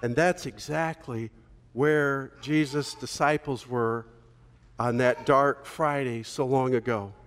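A man's voice: mid-range voice, fairly even intonation, takes it slowly, a little hiss or hum. Storytelling male pastor, sermon in a reverberant hall. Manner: storytelling, conversational with fillers.

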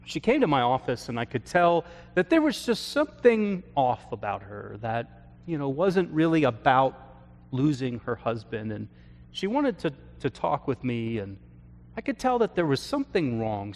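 A man, a pastor, telling a story from his counseling work in an earnest sermon, often trailing off softly at the ends of phrases. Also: mid-range voice. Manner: slow, earnest storytelling with soft trailing endings. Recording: long hall reverb.

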